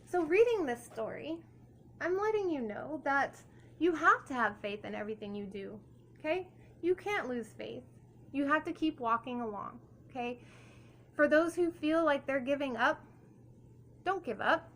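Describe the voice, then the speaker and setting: High-voiced woman reading a story. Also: lively intonation, moderate pace, a bit bright, slight background noise. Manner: encouraging, repeats "okay?". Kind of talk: reading a children's story aloud.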